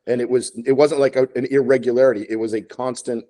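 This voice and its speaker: A man's voice: medium pitch, flat delivery, fast, dark tone. A man co-hosting a podcast, casually telling bar stories and acting out phone calls. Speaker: podcast co-host, bartender. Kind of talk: casual storytelling chat.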